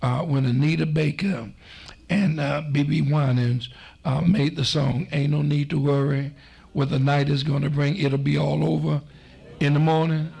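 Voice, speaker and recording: A man preaching a sermon, slow and emphatic, with repetitions and a folksy storytelling manner. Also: on the high side, lively intonation, creaky, breathy edge. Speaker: pastor.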